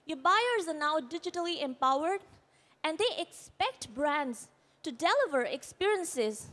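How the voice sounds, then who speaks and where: Her voice sits high and fairly bright, with big pitch swings and an unhurried pace. Presenting on a conference stage with an Indian English accent, she explains earnestly and apologizes briefly, her voice quivering and shaken after an accident.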